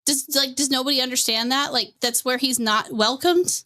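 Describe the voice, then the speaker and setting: A woman's voice: high-pitched, fairly even intonation, moderate pace, bright, forceful tone. A woman hosting a podcast, ranting in a blunt, profane and sarcastic casual way. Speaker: podcast host.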